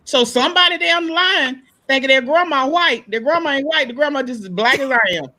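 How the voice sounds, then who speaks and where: A woman in a casual panel discussion, telling stories in an animated way and acting out the people she quotes. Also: high voice, fairly quick, noisy background. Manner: animated storyteller, acts out quoted voices. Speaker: panel guest.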